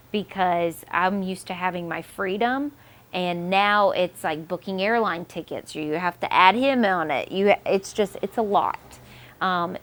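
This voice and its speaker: A woman's voice: lowish voice, a bit bright. A young woman and new mother talking candidly in a personal vlog, emotional and rambling, with many fillers and restarts.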